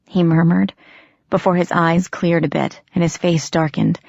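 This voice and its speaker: A woman narrating a novel in first person, measured and unhurried. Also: lowish voice, little pitch movement, vocal fry, darkish tone, no room sound, muffled recording. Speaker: audiobook narrator.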